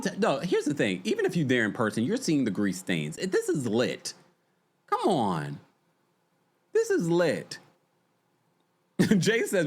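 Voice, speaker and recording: A man hosting a casual reality TV recap, exasperated and chatty, reacting to his viewers. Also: fairly high pitch. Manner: exasperated, animated, chatty, talks to the chat. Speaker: podcast host.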